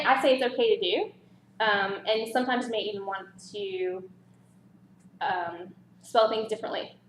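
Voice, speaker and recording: A woman presenting a writing workshop in a casual, chatty way, animated with light laughs. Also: mid-range voice. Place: library meeting room. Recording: roomy echo, faint background noise.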